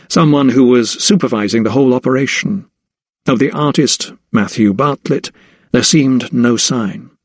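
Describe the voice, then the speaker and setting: A man's voice: medium pitch, no echo, clean studio sound. Man narrating a historical mystery audiobook. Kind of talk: scripted narration.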